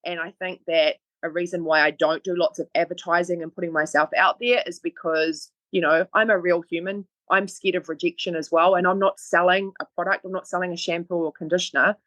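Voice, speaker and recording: A woman's voice: on the low side, fairly even intonation, a bit bright, no room sound. A woman with a New Zealand accent, a fitness coach talking earnestly in a casual podcast conversation. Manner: chatty and earnest, talks fast in bursts. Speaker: guest, online fitness coach.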